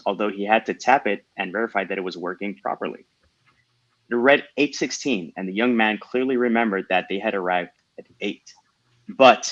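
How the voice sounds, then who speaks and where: A man who hosts a panel, reading a passage of his own novel aloud in a steady storytelling manner. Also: fairly low pitch, no room sound. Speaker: host and author. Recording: dull lo-fi mic, dry.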